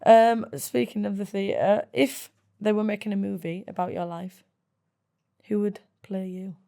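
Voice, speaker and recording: A woman's voice: mid-range voice, steady tone, a little slow, creaky, dark tone. Woman hosting a casual chat show. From northern England. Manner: friendly, curious questioning. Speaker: host.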